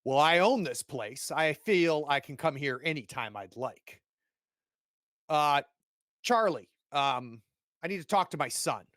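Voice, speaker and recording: A man's voice: on the high side, lively intonation, measured pace, no echo, studio quality. A man doing a domineering, furious rich father. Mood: cold. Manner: cold, commanding, shouting threats. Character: domineering wealthy older father, cruel and angry.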